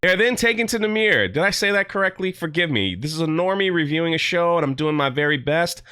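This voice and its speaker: A man's voice: on the high side, animated, quick pace, heavy background noise. A man reviewing a TV show in a casual vlog, sarcastic and mocking.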